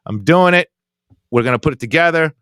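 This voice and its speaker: A man's voice: fairly high pitch, brisk, clean tone, dry recording. A man, a comedian and podcast host, telling rambling stories in a casual chat. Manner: rambling, animated storytelling.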